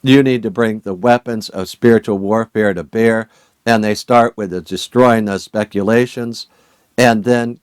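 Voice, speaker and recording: A man's voice: on the low side, clear, resonant tone, no echo. Earnest man preaching a Bible study. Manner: earnest, urging, many rhetorical questions. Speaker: Bible teacher.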